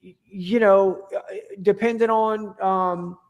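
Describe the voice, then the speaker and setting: A man's voice: high voice, steady tone, slow, lo-fi sound. A man talking as a podcast guest in casual chat, rambling and enthusiastic, with many restarts and fillers.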